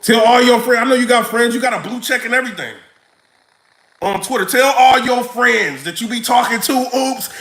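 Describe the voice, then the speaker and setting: A man ranting casually to camera in his vlog, animated, full of slang and laughing often. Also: very high-pitched, normal speed, roomy sound, low-quality recording. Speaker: vlogger.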